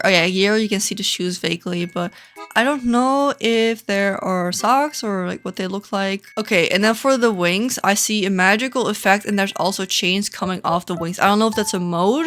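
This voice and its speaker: A woman talks through game outfits in a casual, chatty way, swinging into dramatic mock outrage. Her voice sits at an ordinary middle pitch. Soft background music plays quietly behind her. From Netherlands. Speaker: gaming content creator.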